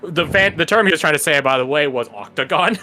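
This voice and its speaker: A man's voice: fairly high pitch, expressive, quick pace, pushed and bright, faint music behind. A man running a tabletop game as game master, describing the scene in a casual, rambling way full of filler words.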